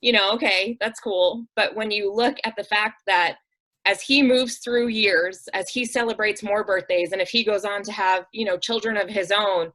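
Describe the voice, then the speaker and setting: A woman with a medium-pitched, slightly bright voice speaks at a normal pace with fairly even intonation, and the recording is rough. She's a nonprofit director appearing as a guest on an interview show, earnestly sharing heartfelt stories in a conversational way. She acts out the voices of people she quotes and says "um" and "like" a lot.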